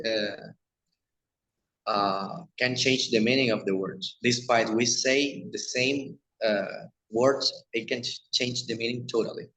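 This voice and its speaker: Male teacher, mid pitch, hesitant lecture delivery with fillers. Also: a bit bright, low-quality recording. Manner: hesitant, many fillers and restarts. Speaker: teacher presenting a lesson. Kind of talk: explaining slides in a lecture.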